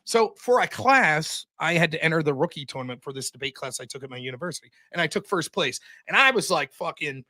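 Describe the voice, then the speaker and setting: Fast-talking, profane male streamer. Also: fairly high pitch. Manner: profane, animated storyteller. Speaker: streamer and debater, show host. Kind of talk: casual storytelling on a stream.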